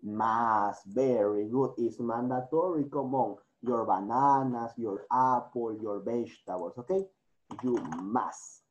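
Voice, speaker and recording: A man's voice: mid-range voice, takes it slowly, highs cut off. Male teacher on a video call. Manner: switches between English and Spanish, coaxing and repetitive. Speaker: English teacher. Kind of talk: online class, calling on students.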